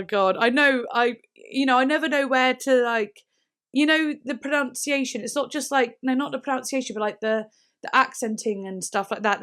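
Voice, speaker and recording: A woman hosting a casual music reaction, excitable and rambling, with lots of "like" and sudden gasps. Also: fairly high pitch. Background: faint music playing.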